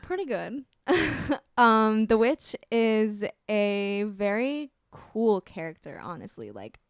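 A woman's voice: mid-range voice, big pitch swings, slow, clear, resonant tone, no echo, clean studio sound. A young woman from Florida, a singer and actress, chatting as an interview guest in a bubbly way, laughing often and saying "like" a lot. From Orlando, Florida, US. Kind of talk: casual interview chat.

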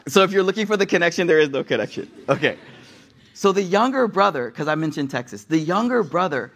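Young male preacher, high voice, animated and off-the-cuff, talks straight to the audience. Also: fast talker. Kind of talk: casual sermon.

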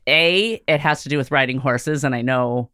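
A woman's voice: very deep voice, moderate pace, sharp tone, clean tone, dry recording, studio quality. A woman co-hosting a casual podcast, teasing her partner, reading out facts and laughing often. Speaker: podcast co-host. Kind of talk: casual chat.

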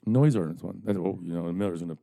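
A man's voice: low voice, quick pace, creaky, dark tone. A middle-aged man telling stories in casual chat among friends, swearing freely, rambling, and laughing at his own jokes.

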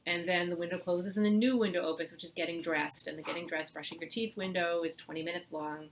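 A middle-aged woman with a slightly low voice, talking through parenting advice in an easy, conversational way. She is earnest and grows animated when she acts out the words a parent might say. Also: fast, slight background noise. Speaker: parenting podcast host. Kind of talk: casual advice talk.

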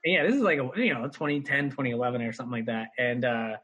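A man in his thirties, a comedian, telling a story in casual podcast chat, full of swearing and jumping up in pitch when he quotes people. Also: rapid-fire, dull audio. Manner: animated storyteller, swearing, jumps high for quoted voices.

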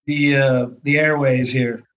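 Chatty guest on a muffled line. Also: male voice, medium pitch, fairly even intonation, measured pace, fairly bright tone. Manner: friendly, chatty, filler-heavy. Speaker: podcast guest, energy advisor. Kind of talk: casual interview talk.

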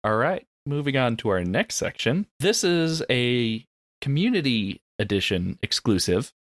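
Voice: medium pitch, sing-song, measured pace, no echo. A podcast co-host in casual group chat, making dry joking asides.

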